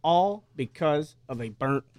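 A man's voice: on the high side, expressive, unhurried, a little mellow, no echo. A man hosting a casual radio talk show, chatty and emphatic in a studio.

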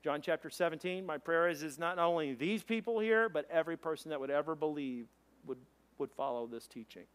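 A man preaching a sermon as pastor, telling a story in an animated way with quoted voices. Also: a little high, brisk, clear, resonant tone.

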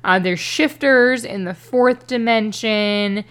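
A woman's voice: fairly high pitch, slow pace, fairly bright tone, smooth. Woman cohost going over a book, wry, laughs a lot, lots of ums, easygoing chat. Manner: wry, laughs often, hesitant with "um". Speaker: podcast co-host reviewing a book. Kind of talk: casual chat.

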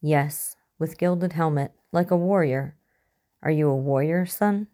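Woman reads a calm male cult preacher, low and mellow, quietly menacing. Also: a little slow. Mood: serene. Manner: soft-spoken, unsettlingly calm.

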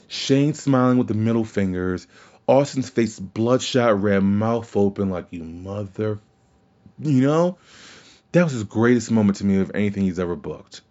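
A man talks through his opinions in a loose, rambling podcast style, often restarting his sentences and swearing now and then. His voice is mellow and dark. The recording sounds dull and lo-fi. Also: lowish voice, expressive, moderate pace. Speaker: wrestling podcast host. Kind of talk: casual opinion podcast talk.

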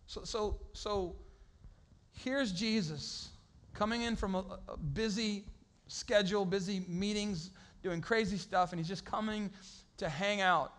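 Preaching in a relaxed, chatty way, this middle-aged man has a fairly high voice. His conversational style is lively and playful, and he slips into quick voices to portray the characters in his stories.

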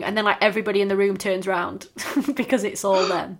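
A woman's voice: mid-range voice, fairly even intonation, quick pace, few pauses. A woman, chatting casually and swearing freely as a podcast co-host. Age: 30s. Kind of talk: casual chat.

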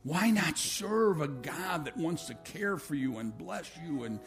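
A male pastor preaching a sermon, swinging between loud, rising calls and quiet, low appeals, acting out quotes and leading an altar call. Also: animated, a little slow, creaky, soft background music.

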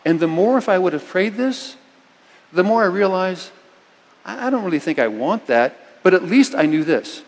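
Animated preacher in a reverberant church. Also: male voice, sits high, normal speed. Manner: storytelling, animated with sudden loud emphatic lines. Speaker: pastor. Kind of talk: sermon. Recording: long reverb of a church hall.

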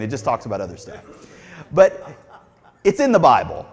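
A man's voice: medium pitch, very animated, moderate pace, pauses often, long reverb tail. A man preaching a sermon in a church, talking conversationally and asking the congregation questions. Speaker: pastor. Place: church sanctuary.

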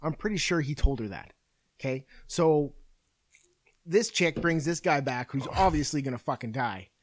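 A man's voice: fairly high pitch, normal speed. A man hosting a podcast, recapping a film in casual, profane chat and acting out quoted lines. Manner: profane, animated storytelling with acted quotes. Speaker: podcast host.

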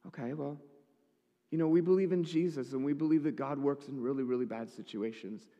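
A man's voice: mid-range voice, steady tone, quick pace, warm tone. A male pastor preaching a sermon, telling a story with wry humorous asides. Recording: echoey hall.

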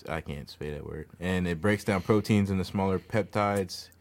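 Podcast host guy, super deep voice, chill, lots of uhs and likes. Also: normal speed. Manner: easygoing, filler-heavy. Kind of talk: casual chat.

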